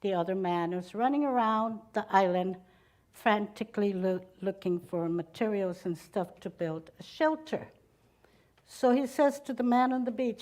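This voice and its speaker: A woman's voice: medium pitch, measured pace, a little mellow. A woman giving a talk at a spiritual community, telling stories and laughing at her own jokes. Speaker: speaker at a spiritual center.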